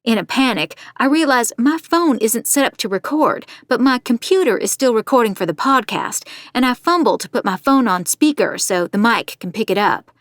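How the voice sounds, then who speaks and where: An actress playing a determined young woman true-crime podcaster, narrating her story in the first person in a measured, confiding way. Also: on the high side, expressive, no room sound, clean studio sound, close to an everyday voice.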